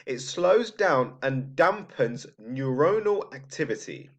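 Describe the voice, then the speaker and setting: A man's voice: mid-range voice, sing-song, slow pace. Man teaching with a loose, chatty manner. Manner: conversational, frequent "right?" checks and restarts. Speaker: psychology teacher. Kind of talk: recorded lecture. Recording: slightly dull lo-fi audio.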